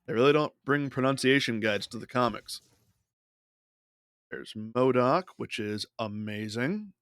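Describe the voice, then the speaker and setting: Speaking unhurriedly in a smooth, mid-range voice, this streamer murmurs his thoughts as he works through a digital card game. The casual gameplay commentary has no echo.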